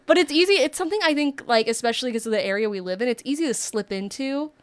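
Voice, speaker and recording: A woman's voice: fairly high pitch, animated, quick pace, no echo. A young woman with a Chesapeake Bay accent co-hosting a pop culture podcast, talking animatedly with many fillers and a slight Southern twang. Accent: Chesapeake Bay region. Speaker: podcast co-host. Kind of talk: casual pop culture chat.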